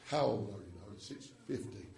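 A man preaching a revival sermon, swinging from hushed tones to chanted shouts with rhythmic "uh" breaths. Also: on the low side, animated, brisk, gravelly, echoey room, far from the mic.

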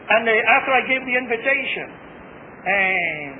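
A man's voice: very high voice, animated, measured pace. Fervent preacher man on tinny recording. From Britain. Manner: fervent, repetitive, stammering restarts. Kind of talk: sermon. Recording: tinny phone-like archival recording with faint hiss.

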